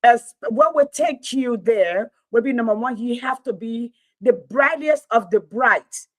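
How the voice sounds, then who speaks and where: A woman's voice: on the high side, a little slow, a bit bright. A woman co-hosting a livestream discussion, emphatic and repeating words as she builds her point.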